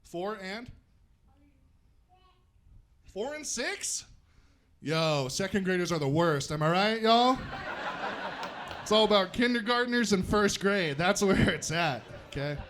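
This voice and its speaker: Stand-up comic guy from utah, high bright voice, self-deprecating, talks to the crowd a lot. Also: expressive, unhurried, slight background noise. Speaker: stand-up comedian. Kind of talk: stand-up comedy set. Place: comedy stage before a live audience.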